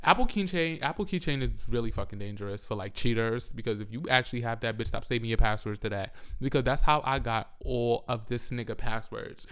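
A man's voice: mid-range voice, fairly quick, hardly any pauses, a bit bright, clear, resonant tone. A man telling a rambling, profane story in a casual monologue on a handheld mic.

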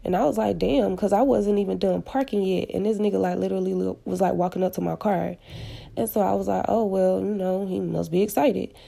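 Woman, candid casual storytelling, heavy vocal fry, flat delivery. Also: mid-range voice, a little fast. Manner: candid, profane, slangy retelling. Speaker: podcast storyteller.

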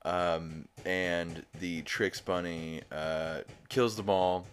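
Deep-voiced, profane podcast host. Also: male voice, steady tone, extremely slow, a little hiss or hum. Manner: rambling, profane, laughs while retelling. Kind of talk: casual episode recap.

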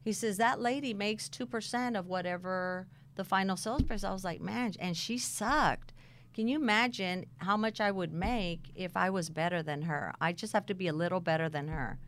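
A middle-aged woman casually telling her career story, blunt and animated, acting out the dialogue. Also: medium pitch, normal speed, a little hiss or hum.

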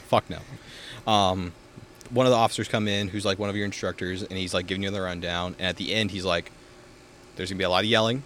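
A man's voice: deep voice, fairly even intonation, quick pace, fairly bright tone, slight background noise. A young man, podcast co-host, telling a long story in casual chat, full of filler words and swearing, recorded outdoors. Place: outdoors in a backyard.

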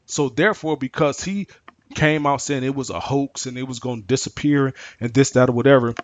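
A man's voice: medium pitch, moderate pace, no echo. A man giving his opinion in an unscripted monologue, firing off rhetorical questions, often stumbling and restarting his words as he presses his points. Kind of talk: unscripted monologue on current affairs.

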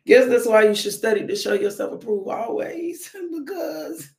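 A woman's voice: on the high side, expressive, moderate pace, vocal fry, reverberant. A woman hosting a live-streamed morning devotional. She preaches conversationally, speaks straight to her viewers, and breaks into whoops and laughter. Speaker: devotional host.

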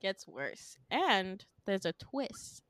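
A woman's voice: mid-range voice, big pitch swings, extremely slow, a bit bright, dry recording, clean studio sound. A young woman co-hosting a casual podcast, animatedly telling a dream story with frequent laughter. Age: young adult.

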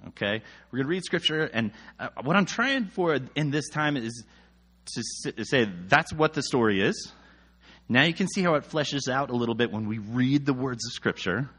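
A young male preacher retells a scripture story in loose, slangy speech. His husky voice jumps up and down all the time, and he slips into the voices of the people in the story. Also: medium pitch. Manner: animated, slangy, acts out quoted voices. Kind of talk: casual retelling of a Bible story.

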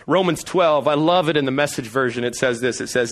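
A man in his thirties preaching a sermon, telling family stories with animated delivery and acted-out voices. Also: medium pitch, fairly quick. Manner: animated storytelling, acts out voices. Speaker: pastor.

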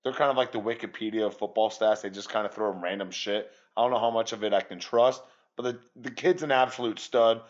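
A man's voice: fairly low pitch, steady tone, fast, hardly any pauses, highs cut off. A man co-hosting a sports podcast, chatting loosely and casually with occasional swearing. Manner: loose and profane, rambling. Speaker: podcast co-host.

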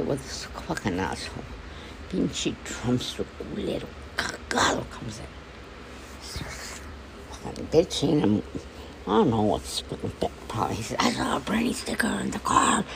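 A man in a casual venting monologue, rambling and swearing, swinging between hushed mutters and angry outbursts. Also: medium pitch, vocal fry. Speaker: vlogger. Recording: noisy background.

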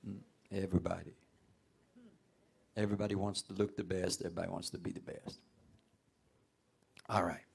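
A man preaching a sermon, often rising into loud outbursts. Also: sits low, flat delivery, quick pace, creaky, pauses often, slightly rough. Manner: folksy, call-and-response preaching with sudden loud outbursts.

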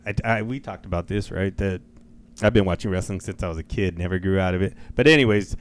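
A man co-hosting a podcast, chatting casually and profanely, telling excitable stories with squeaky impressions. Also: fast, a little hiss or hum. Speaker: podcast co-host. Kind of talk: casual chat.

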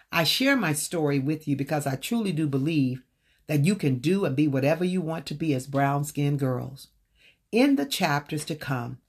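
A woman's voice: sits low, slightly rough. A woman earnestly telling a personal story from her own book, speaking straight to her listeners. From Southern United States.

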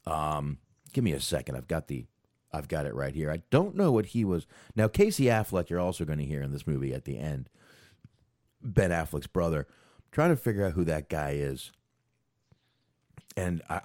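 Very deep-voiced rambling podcast host. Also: male voice, a little mellow, no room sound, clean studio sound. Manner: rambling, thinking aloud while looking things up. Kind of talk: casual chat about a film.

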